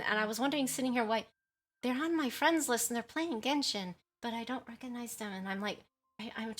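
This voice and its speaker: A bright-voiced woman from the US West Coast streams a game and chats loosely with her viewers. She giggles often and reads their messages aloud as she goes. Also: medium pitch. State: has a headache. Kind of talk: casual livestream chat.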